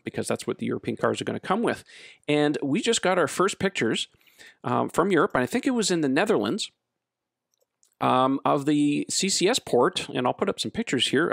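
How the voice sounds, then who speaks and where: A man hosting a casual podcast, talking in a relaxed, rambling way with lots of fillers. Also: mid-range voice, gravelly, no echo, studio quality. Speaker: podcast host.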